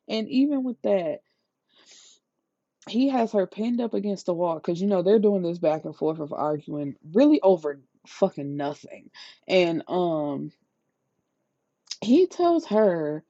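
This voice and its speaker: A woman reviewing a book in a casual rant, retelling the plot in an incredulous, profane, lively way. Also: lowish voice, slow, long pauses, no room sound. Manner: incredulous, profane, animated storytelling. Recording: slightly dull lo-fi sound, dry.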